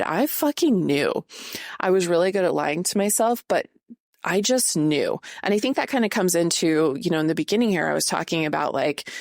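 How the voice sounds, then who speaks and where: A woman's voice: sits low, dry recording, clean studio sound. A woman in her late thirties hosting a podcast, talking candidly and casually with lots of fillers. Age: 30s. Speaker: podcast host. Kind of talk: casual solo podcast talk.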